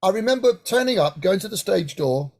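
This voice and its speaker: A middle-aged man from Hampshire, England, telling lively stories in an interview and often checking in with "right?". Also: high-pitched, fairly quick. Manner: animated anecdotal, frequent "right?" asides. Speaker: guest singer-songwriter. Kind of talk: casual interview storytelling.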